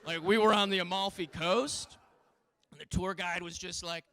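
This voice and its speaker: Bright-voiced male stand-up in his thirties, rambling and profane, on a stage with a handheld mic. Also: high-pitched, fairly even intonation, moderate pace, no echo, clean studio sound. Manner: loose, profane and rambling, with frequent filler restarts. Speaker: stand-up comedian. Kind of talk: stand-up comedy set. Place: live comedy stage.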